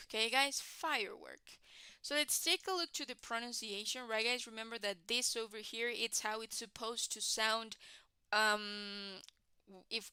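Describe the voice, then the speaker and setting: A woman's voice: a little high, bright, forceful tone, smooth, no echo. A woman teaching an English class online, patiently explaining and constantly checking in with "right, guys?". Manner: encouraging, explains patiently, repeats key words.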